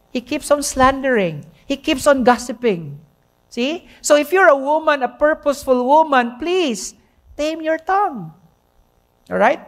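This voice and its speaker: A middle-aged woman with a Filipino Cebuano accent, preaching a sermon. She teaches by asking questions and answering them, and slips into Cebuano. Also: on the high side. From Philippines.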